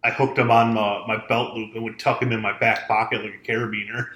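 A man's voice: on the low side, level tone, quick pace, a bit bright. A man co-hosting a podcast, telling stories in laid-back, profane casual chat. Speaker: podcast co-host. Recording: echoey room.

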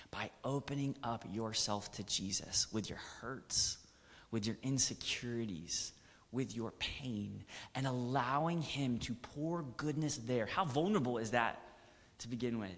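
A man in his thirties preaching a sermon as pastor, building to emphatic bursts. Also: mid-range voice. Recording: long hall reverb.

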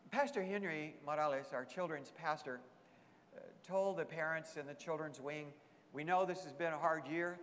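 A man's voice: high-pitched, slight background noise. A man preaching a sermon as a pastor, earnest, repeating emphatic phrases. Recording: long hall reverb.

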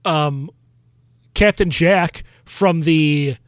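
Male co-host, slightly high pitch, dead-dry close mic, understated. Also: extremely slow, dry recording. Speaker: podcast co-host. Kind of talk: casual movie discussion.

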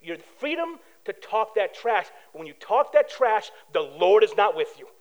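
A man from preaching a sermon as pastor, animated and telling stories with acted-out quotes. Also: high-pitched, moderate pace, rough recording.

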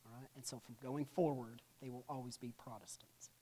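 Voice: mid-range voice, fairly even intonation, a little fast, mellow, a little hiss or hum. Chatty lecturer who keeps asking "right?". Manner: conversational, constantly checks in with "right?"; humorous asides. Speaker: church history teacher. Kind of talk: classroom lecture.

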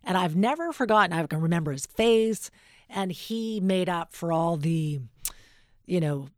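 Speaking at a measured pace in a lowish register, a middle-aged woman from Western Canada comes through in clean, echo-free studio sound. She's a radio host in a relaxed interview, animatedly recounting stories and voicing each character's quotes differently.

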